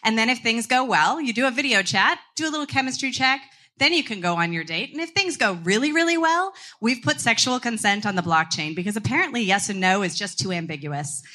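A woman delivers a quick startup pitch in a bright, clear voice. She is cheeky and plays it for laughs. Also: expressive. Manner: cheeky, punchline-driven. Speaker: startup founder giving a pitch.

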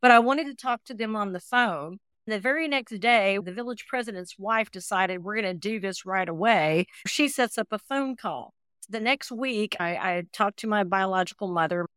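A woman's voice: medium pitch, normal speed, smooth, no echo, studio quality. Earnest woman in her sixties telling her story. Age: 60s. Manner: earnest, animated retelling with quoted dialogue. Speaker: interview guest, adoptee. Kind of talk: emotional personal storytelling.

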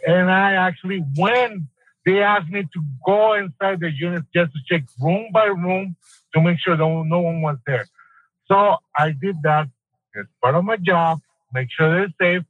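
A man giving recorded deposition testimony, talking in a rambling, exasperated way with halting restarts. His voice sits a little high and the playback sounds dull and lo-fi, dry with no room echo. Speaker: building concierge testifying in a deposition.

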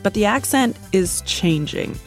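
A woman's voice: medium pitch, lively intonation, unhurried, soft background music. A woman from Newfoundland and Labrador hosting a podcast, narrating and asking passers-by friendly questions. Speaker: podcast host. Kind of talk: documentary podcast narration and street interviews.

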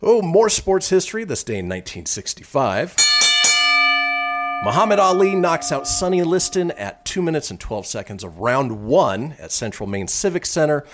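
A man hosting a casual radio show, reading history items with quick asides. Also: a little high, sing-song, faint music behind.

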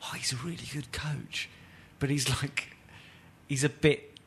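A man, co-hosting a casual football podcast, lively and swearing as he talks. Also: medium pitch, unhurried, slight background noise. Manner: lively, swears, laughs often. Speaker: podcast co-host.

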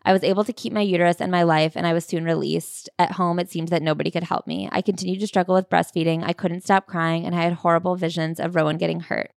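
A woman co-hosting a casual podcast, talking bluntly about a memoir and reading passages from it in a measured way. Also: lowish voice, level tone, vocal fry, no echo, clean studio sound. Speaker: podcast co-host.

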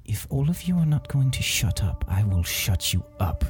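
A menacing woman, as a man puts her on in a whispered role-play. She threatens in a low, dark hush. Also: sing-song, normal speed, faint music behind.

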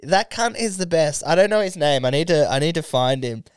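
Young man, Australian accent, sweary podcast banter, higher voice, smooth clean tone. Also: a little fast, no echo. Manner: sweary, laughing, animated. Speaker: podcast co-host. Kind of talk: crude comedy podcast banter.

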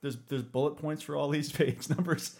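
A playful man joking around in a casual podcast chat. His voice sits a little above the usual male pitch. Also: fairly even intonation, moderate pace, gravelly, darkish tone. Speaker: podcast co-host.

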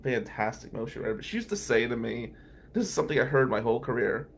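Quick-paced and sing-song, with a creaky mid-range voice, this Atlantic City, New Jersey criminal defense lawyer and podcast host spins casual stories. He rambles and chuckles between remarks, and a little hiss or hum runs in the background.

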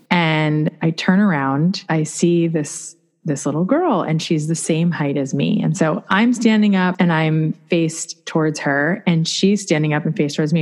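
Brief: middle-aged woman podcaster from New York, deep voice, chatty storyteller. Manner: chatty, expressive, acts out quoted voices. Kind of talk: personal storytelling monologue.

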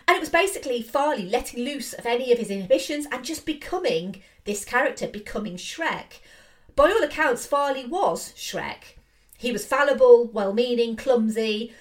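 Animated woman talking films. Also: on the high side. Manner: enthusiastic, opinionated, fillers and restarts. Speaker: film commentator. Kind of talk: casual video essay.

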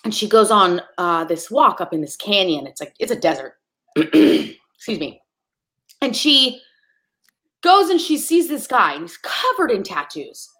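A young woman chatting casually on a podcast, telling stories in an animated, giggly way. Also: medium pitch, measured pace. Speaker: guest, graphic artist.

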